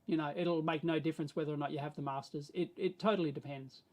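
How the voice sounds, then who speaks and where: An Australian man hosting a live stream, answering viewer questions in a rambling, animated way that swings between mumbled asides and excited bursts. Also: a little high, fast talker. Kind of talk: casual live-stream chat.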